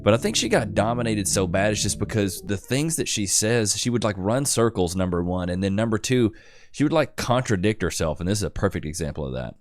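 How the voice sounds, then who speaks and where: A man's voice: on the low side, lively intonation, a little fast, faint music behind. A man hosting casual reaction commentary, slangy and loose, calling people bro. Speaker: commentary host.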